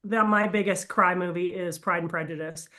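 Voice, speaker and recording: A woman's voice: lowish voice, steady tone, moderate pace, pushed and bright. Emotional middle-aged woman telling a story. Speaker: family member in a group interview. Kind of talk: casual chat.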